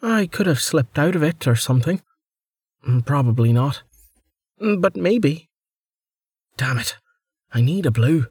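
A man's voice: fairly high pitch, lively intonation, measured pace, pauses often, darkish tone, breathy edge, no room sound, pitched above the performer's own voice, full character voice. A restless young male fighter, wry and self-critical, mutters his thoughts in a slightly raised voice, as a male narrator plays him. The recording is close and dry. His manner stays dry and self-mocking. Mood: musing.

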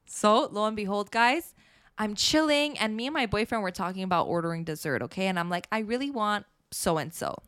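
A young woman co-hosting a podcast, telling stories in an animated, casual way and swearing freely. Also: medium pitch, fairly quick, smooth, dry recording, studio quality. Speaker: podcast co-host. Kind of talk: casual chat.

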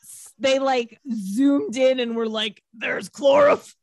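Chatty woman co-host, laughs a lot, acts out quotes, voice on the higher side, dry sound. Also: fairly even intonation, slow pace, a little mellow, dry recording. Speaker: podcast co-host. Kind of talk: casual chat recapping a movie.

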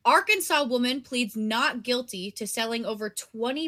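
Bright, giggly young woman chatting. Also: on the high side, moderate pace. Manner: giggly, animated. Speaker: podcast co-host. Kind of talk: casual chat, reading news aloud.

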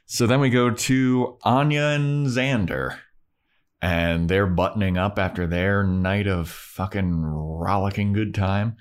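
A man co-hosting a casual podcast, retelling a TV episode with crude jokes and quick voices for the characters. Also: fairly low pitch, fairly even intonation. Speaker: podcast co-host recapping a TV episode. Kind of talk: casual chat.

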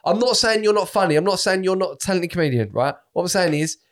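A man with a noticeably high voice, co-hosting a comedy podcast. He rants in loose, animated banter and swears freely. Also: fast, slight background noise. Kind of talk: casual banter.

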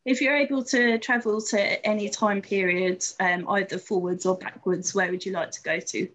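A woman's voice: mid-range voice, steady tone, moderate pace, fairly bright tone, poor audio. A woman interviewing a guest casually, offering short, encouraging responses and asking questions. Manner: encouraging, brief affirming replies.

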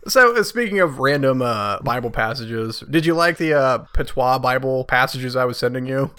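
A man's voice: medium pitch, lively intonation, normal speed, sharp tone, clean tone. A man co-hosting a podcast in casual comedic chat, joking irreverently and laughing often. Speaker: podcast co-host.

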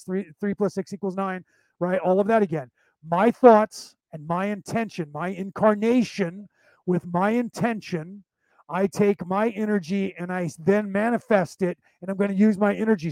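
This Irish-born man talks in American English, a spiritual teacher leading a class in an informal, rambling lecture with plenty of repetition and restarts as he explains each step. His voice is high-pitched and mellow; the recording is dry and poor in quality.

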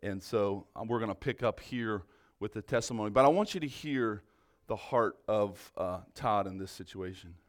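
A man's voice: on the low side, normal speed. Hesitant man introducing a testimony. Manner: hesitant, many fillers. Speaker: pastor. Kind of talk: sermon introduction.

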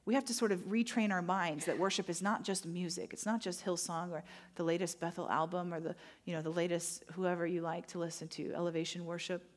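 A woman's voice: fairly low pitch, steady tone, fairly quick. A middle-aged woman pastor preaching a sermon, telling personal stories in a candid, self-deprecating way with playful asides.

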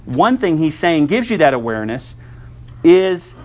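A man with a slightly raised pitch delivers a sermon in a relaxed, conversational teaching manner. He keeps checking in with his listeners through quick asides as he walks through his points. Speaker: pastor.

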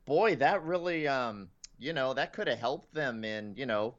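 A man's voice: medium pitch, lively intonation, measured pace. A man talking on a podcast in casual chat, full of sarcastic, mocking complaints. The recording sounds a little dull and muffled. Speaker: podcast co-host.

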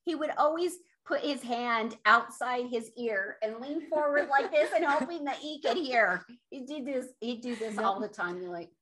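A woman co-hosting a podcast, telling family stories in a casual chat, lively and quick to laugh and prompt her sister. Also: a little high. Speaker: podcast co-host.

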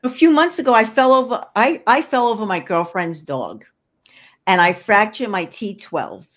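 A woman's voice: mid-range voice, lively intonation, moderate pace. A woman speaking as a podcast guest, an energy healer and hypnotherapist, talking earnestly and encouragingly with frequent restarts. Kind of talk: podcast interview conversation.

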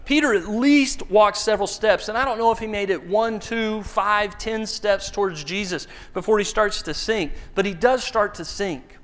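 High-voiced pastor preaching with humor. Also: male voice, moderate pace, few pauses. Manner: animated storytelling, acting out voices with humor. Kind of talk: sermon.

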